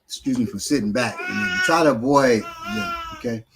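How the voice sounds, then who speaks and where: Man, martial arts instructor, casual live-stream Q&A, blunt, streetwise, profane, middle pitch. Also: animated, moderate pace, heavy background noise.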